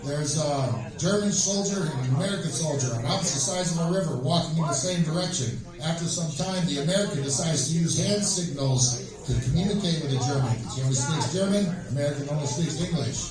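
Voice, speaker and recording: A man doing a novice stand-up comedy set, telling deadpan stories with acted dialogue. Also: on the high side, fairly quick. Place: open mic at a small venue. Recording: echoey room, far from mic, crowd noise.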